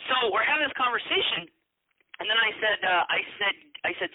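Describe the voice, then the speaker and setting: Chatty male host, high voice, retells conversations with lots of restarts, dry tinny line. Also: a little fast, dry recording. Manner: animated, acts out dialogue, frequent restarts. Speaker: podcast host. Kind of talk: casual personal storytelling. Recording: dry, phone-like narrow sound.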